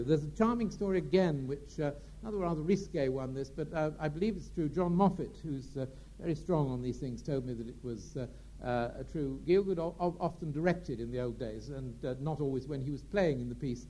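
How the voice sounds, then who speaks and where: Chatty, halting male raconteur. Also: on the high side, warm tone, slight background noise. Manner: chatty, hesitant with many fillers. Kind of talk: anecdote telling.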